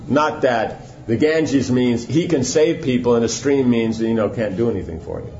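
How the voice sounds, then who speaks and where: A man's voice: mid-range voice, moderate pace, mellow. Male teacher for a casual scripture class; conversational, keeps asking "right?", slightly dull recording. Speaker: spiritual teacher.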